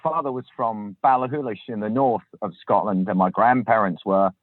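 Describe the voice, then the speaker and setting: A man's voice: fairly low pitch, moderate pace, no echo. A man from southern England, a podcast host, talking casually and self-deprecatingly from a parked car. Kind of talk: casual chat. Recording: tinny dry phone line.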